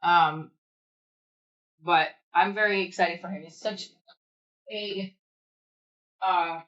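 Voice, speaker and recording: A woman's voice: on the low side, fairly even intonation, slow pace, fairly bright tone, highs cut off. A young woman rambling casually through a home livestream, chatting and answering comments with the odd swear word. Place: room at home.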